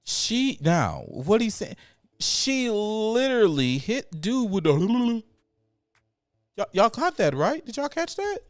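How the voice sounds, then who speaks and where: A man's voice: sits high, big pitch swings, slow, no echo, studio quality, soft background music. A man hosting a show, chatting loosely about video clips and speaking straight to his audience. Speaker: host. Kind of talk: casual commentary on video clips.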